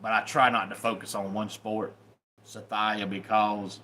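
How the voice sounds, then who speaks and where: Plain-spoken man with a bright voice. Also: fairly low pitch, level tone, measured pace, a little hiss or hum. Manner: plain-spoken, informal grammar. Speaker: family channel vlogger. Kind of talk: casual talk to camera.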